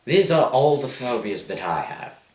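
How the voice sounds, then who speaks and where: A man speaks in a lively, up-and-down voice as a guest, trading wry quick quips. The sound is roomy and echoey, like a bare room. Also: medium pitch. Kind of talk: casual comedic chat.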